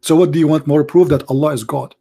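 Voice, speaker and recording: A hoarse man hosting a livestream on religion, speaking emphatically in broken English and firing off rhetorical questions. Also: fairly high pitch, steady tone, fast, mellow. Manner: emphatic, rhetorical questions, non-native grammar. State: hoarse, voice nearly gone. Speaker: livestream debate host. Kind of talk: live-streamed religious polemic.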